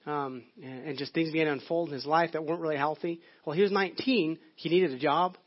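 A man's voice: on the high side, fairly even intonation, quick pace. A male pastor giving a sermon in a conversational, storytelling way. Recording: dull lo-fi audio.

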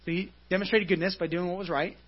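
A man with a high, husky voice preaches a relaxed, conversational sermon, walking his listeners through scripture and tossing in "right?" along the way. The recording is dull and muffled, like a church service captured on modest equipment. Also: fast. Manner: explains scripture casually, often asks "right?". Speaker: pastor.

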